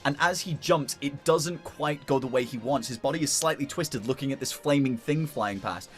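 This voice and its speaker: A man's voice: medium pitch, moderate pace, faint music behind. A man narrating as game master, in loose, chatty narration full of fillers.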